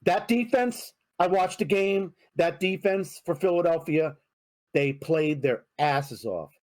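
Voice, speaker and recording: A middle-aged man on a sports podcast, venting in a heated, foul-mouthed rant. His voice sits a little high for a man, and he swears as he talks. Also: slow, a little mellow. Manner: heated, profane ranting. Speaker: podcast co-host. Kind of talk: casual sports podcast chat.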